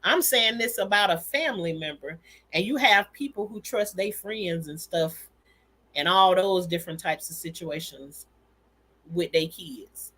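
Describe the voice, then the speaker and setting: Bright-voiced woman chatting candidly on a livestream. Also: on the low side, unhurried. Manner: candid, emphatic storytelling with frequent laughs. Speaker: livestream host and mother. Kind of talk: casual livestream chat.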